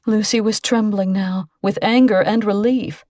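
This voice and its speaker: A woman narrating a novel aloud in a measured, expressive way. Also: medium pitch, no echo, studio quality. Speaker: audiobook narrator. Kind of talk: scripted narration.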